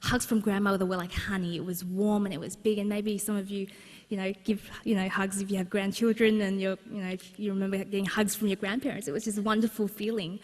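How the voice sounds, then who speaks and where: A woman's voice: mid-range voice, level tone, brisk, hardly any pauses, darkish tone. A woman giving a humorous, anecdotal personal talk to a live audience, with plenty of fillers. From Australia. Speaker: speaker at a book launch. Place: large exhibition hall, live audience. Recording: long hall reverb.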